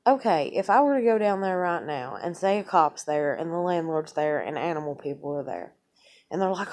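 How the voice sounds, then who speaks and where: A woman's voice: sits low, moderate pace, a little mellow. A young adult woman telling a long, rambling personal story in a casual way, swearing a lot and acting out what she said to people. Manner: rambling, swears often, tells events through quoted speech.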